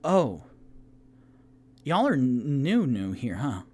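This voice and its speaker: A man voicing a weary, battered dragonborn bartender who speaks haltingly in a casual drawl. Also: medium pitch, very animated, a little mellow.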